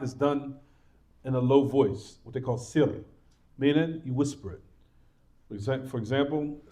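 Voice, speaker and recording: A man's voice: mid-range voice, a little mellow. A man teaching a religious class in a mosque, repeating points, reassuring his students and asking them rhetorical questions. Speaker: Islamic teacher.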